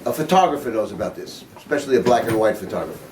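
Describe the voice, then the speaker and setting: A man's voice: fairly low pitch, animated, very fast, background noise. An older man teaching a saxophone master class in a studio, talking bluntly and informally, quizzing his students and swearing casually. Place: music studio. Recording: roomy sound from a distant mic.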